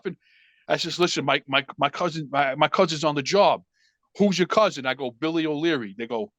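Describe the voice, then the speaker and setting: A man's voice: on the high side, fairly quick, no room sound. A man telling a story on a podcast, acting out the voices of the people in it. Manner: animated storyteller acting out quotes, frequent swearing. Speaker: podcast guest. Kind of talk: casual storytelling.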